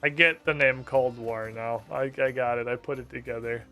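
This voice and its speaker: A male streamer giving excitable, profane commentary while playing and reading game text aloud. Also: medium pitch, moderate pace, soft background music. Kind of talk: casual gaming commentary.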